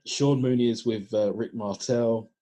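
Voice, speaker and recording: A man co-hosting a podcast in casual chat, recapping events in a relaxed way with plenty of hesitations. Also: medium pitch, measured pace. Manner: relaxed recapping with many uh and um fillers. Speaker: podcast co-host.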